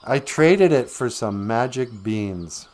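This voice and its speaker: A man's voice: mid-range voice, lively intonation, takes it slowly, a little mellow. A man doing Jack, a naive easygoing farm lad. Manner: naive, laid-back. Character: hapless young male farm lad Jack.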